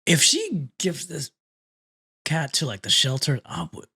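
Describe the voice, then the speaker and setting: A man's voice: on the high side, huge pitch swings, measured pace, gravelly, sharp tone, breathy edge. A man co-hosting a podcast who gives blunt, crude opinions in casual chat. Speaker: podcast co-host.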